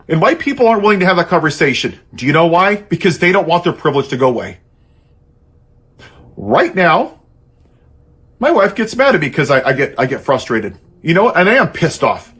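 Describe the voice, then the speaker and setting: A man's voice: high-pitched, a bit bright, slightly rough. A man giving an angry, sarcastic political monologue in an impassioned, ranting way. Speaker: political commentator.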